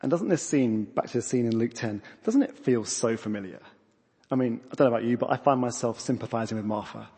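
A man's voice: medium pitch, lively intonation, fairly quick, mellow, breathy edge. A man, preaching a sermon in a conversational, self-deprecating way. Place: church. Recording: long reverb of a church hall.

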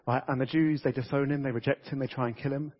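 Energetic preacher in a church hall. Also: male voice, mid-range voice, fast. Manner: energetic, conversational, frequent restarts. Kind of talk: lively sermon. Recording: dull reverberant church audio.

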